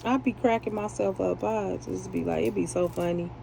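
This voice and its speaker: A woman's voice: mid-range voice, fairly even intonation, moderate pace, creaky, noisy background. A woman chatting casually while she makes beaded jewelry and laughs at herself. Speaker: jewelry maker. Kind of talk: casual chat while beading.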